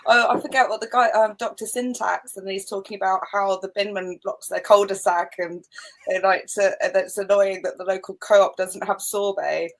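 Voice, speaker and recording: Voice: medium pitch, steady tone, normal speed, low-quality recording. Chatty, joking conversation partner. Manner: chatty, jokey interjections. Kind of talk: casual chat.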